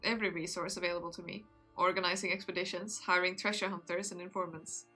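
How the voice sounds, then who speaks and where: A woman reading aloud the lines of a rueful young nobleman who became a vampire, in a measured, somber way in her own voice. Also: on the low side, little pitch movement, pushed and bright, soft background music. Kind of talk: reading a visual novel aloud.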